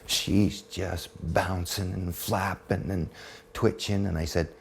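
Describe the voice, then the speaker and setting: A man in his fifties, a podcast guest, telling a personal story in a blunt, profane, animated way. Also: sits low, takes it slowly, vocal fry, breathy edge. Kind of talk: storytelling in casual conversation.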